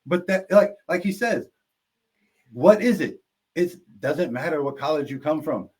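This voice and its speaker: Husky man telling joking stories. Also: a little high, unhurried. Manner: animated, profane, joking, laughs often. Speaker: podcast guest. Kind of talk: casual storytelling with jokes.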